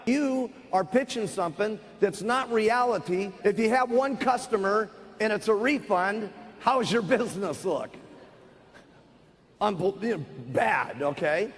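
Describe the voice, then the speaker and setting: A man's voice: sits high, expressive, measured pace. A man giving a motivational sales seminar talk to distributors, emphatic and repetitive, heard in a reverberant hall. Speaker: company founder speaking to distributors.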